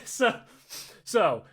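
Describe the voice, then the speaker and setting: A man casually telling a history story on a podcast, animated and profane, acting out quotes and laughing often. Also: very high-pitched, drawn-out words, breathy edge.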